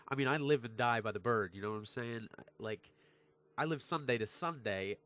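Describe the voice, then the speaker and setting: A teenage guy rants through a football recap, frustrated and emphatic. He repeats himself for emphasis and swears freely, at an ordinary middle pitch. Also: moderate pace, a bit bright. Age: teens. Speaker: vlogger, sports fan. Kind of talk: heated sports recap rant.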